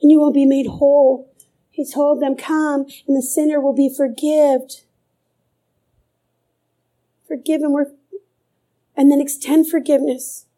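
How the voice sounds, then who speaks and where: A woman's voice: high-pitched, level tone, measured pace, pauses often, mellow. A middle-aged woman preaching a sermon with fervor, repeating phrases for emphasis.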